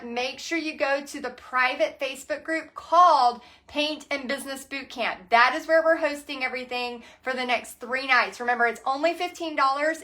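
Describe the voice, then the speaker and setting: A high-pitched woman leads a casual live painting class. She is bubbly and chatty and reads viewer comments aloud between instructions. She is painting in a small home art space. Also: sharp tone.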